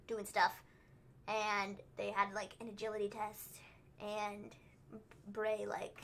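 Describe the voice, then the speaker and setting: A woman's voice: mid-range voice, sharp tone, slight background noise. A young woman co-hosting a casual livestream recap, talking chattily with lots of fillers and acting out quotes in silly voices. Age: young adult. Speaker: wrestling show co-host.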